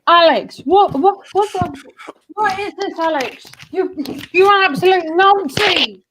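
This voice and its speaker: A woman putting on a foul-mouthed male celebrity chef, shouting British insults in a comedy roast. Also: very high-pitched, unhurried, a little hiss or hum. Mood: ranting.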